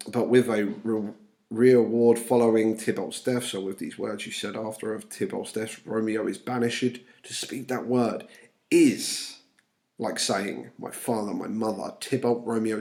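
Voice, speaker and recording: Guy with a low gravelly voice going through a play line by line, reads the verse louder then explains it quieter. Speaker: teacher.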